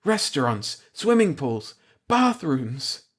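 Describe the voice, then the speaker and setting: A man's voice: medium pitch, very animated, slow, pitched above the performer's own voice. A man reading aloud, voicing a hard-bitten young woman survivor who talks in breathless, eager bursts.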